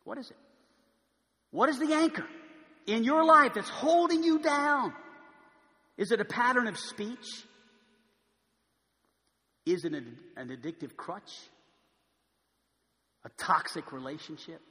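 Slow and expressive, with long pauses, a male preacher delivers a sermon in a very high, bright, ringing voice. He swings between quiet, pleading passages and loud, forceful proclamations, his words echoing with the long reverb of a large church hall.

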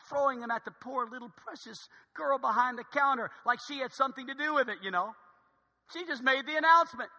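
A man preaching a sermon, an animated storyteller who acts out the dialogue and drops to a hush for quoted lines. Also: high voice. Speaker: pastor. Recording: echoey hall with long reverb.

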